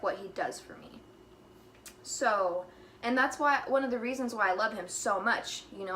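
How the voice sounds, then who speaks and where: A young woman with a mid-range, slightly bright voice rambles through a casual vlog, a little out of breath, with a touch of hiss or hum. Her chatty talk is packed with "like" and "you know."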